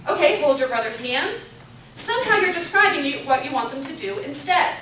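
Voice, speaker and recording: A woman with a high voice teaches an interactive parenting class, upbeat and animated, talking a little fast as she questions the group and echoes back their answers. The background is noisy, and a distant mic captures an echoey room.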